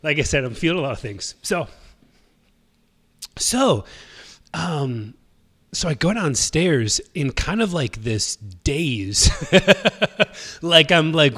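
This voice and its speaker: A man's voice: medium pitch, big pitch swings, unhurried, long pauses, a bit bright. Rambling casual man in his thirties. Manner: rambling, full of fillers and restarts. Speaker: host. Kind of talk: casual livestream talk.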